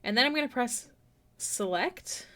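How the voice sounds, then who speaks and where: A young woman chatting casually with her viewers on a live art stream, self-deprecating and prone to sudden excited exclamations. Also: a little high, measured pace. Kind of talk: casual live-stream chat while drawing. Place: home room.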